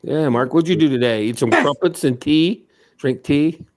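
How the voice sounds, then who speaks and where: A man in a casual live-stream chat, joking and swearing freely and teasing the others with quick questions. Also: on the high side.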